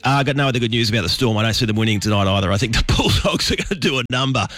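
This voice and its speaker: A man hosting a live sports radio show, brisk and chatty. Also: mid-range voice, animated, a bit bright, no echo.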